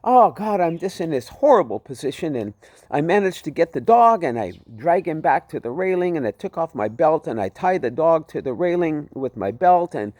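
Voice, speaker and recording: A man recounts his testimony in a vivid, dramatic way. His pitch swings widely and sits a bit high. The sound is close and dry. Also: very animated, moderate pace, darkish tone, no room sound. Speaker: storyteller giving his testimony. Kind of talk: personal testimony storytelling.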